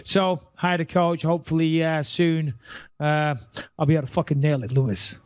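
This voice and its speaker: A man's voice: on the high side, steady tone, moderate pace, clean tone, no echo, muffled recording. A man, a retired fighter co-hosting a casual podcast and rambling with lots of restarts. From England. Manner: rambling, frequent restarts and fillers.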